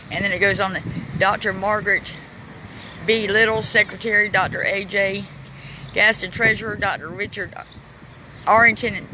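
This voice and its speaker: A man walks through a city park, filming on his phone and reading plaques aloud in a casual, emotional way. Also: high-pitched. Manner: emotional, chokes up, reads plaques aloud haltingly. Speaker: vlogger touring a memorial park. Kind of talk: casual walking vlog narration. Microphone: handheld phone camera. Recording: outdoor phone recording with traffic noise. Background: street and traffic noise.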